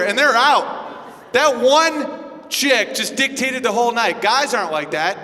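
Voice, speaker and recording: A man performing a stand-up comedy set, brash and profane, slipping into quick character voices. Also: very high-pitched, lively intonation, pushed and bright. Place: comedy venue with live audience. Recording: long reverb of a hall.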